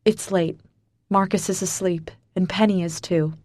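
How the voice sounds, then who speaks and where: A woman narrating a first-person romance audiobook in a soft, emotional, hushed way. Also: lowish voice, fairly even intonation, measured pace, no echo.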